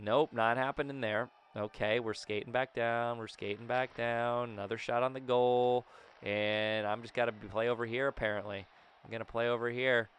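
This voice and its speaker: A young man giving casual, jokey commentary over his own hockey video game, breaking into loud excited outbursts. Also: mid-range voice, moderate pace, clean tone. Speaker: gaming YouTuber.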